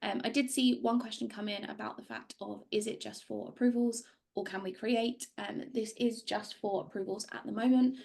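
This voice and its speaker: A woman with a creaky, mid-range voice and a darkish tone hosts a webinar over a video call. Friendly and organised, she reads out audience questions during the presentation and Q&A.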